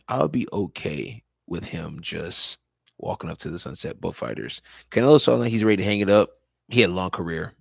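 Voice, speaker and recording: A man's voice: low voice, gravelly, no room sound. A tired man hosting a casual live-stream sports talk show, rambling loosely and leaning on "you know" as he repeats his points. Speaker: sports talk livestream host and high school coach. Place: at home, dog in background.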